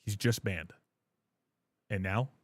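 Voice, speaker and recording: A man's voice: on the low side, slow, no echo. A man chatting casually on a gaming livestream, rambling and swearing as he jokes with his chat. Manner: rambling, profane, joking with chat; frequent filler words and restarts.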